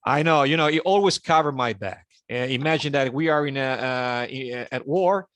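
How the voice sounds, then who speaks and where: A man with an Italian accent chats on a video call, hesitant and full of fillers and restarts. His voice sits at a middle pitch with a dry, close sound. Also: moderate pace, fairly bright tone, dry recording. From Italy. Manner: hesitant, many fillers and restarts, laughs often. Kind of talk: casual online meeting chat.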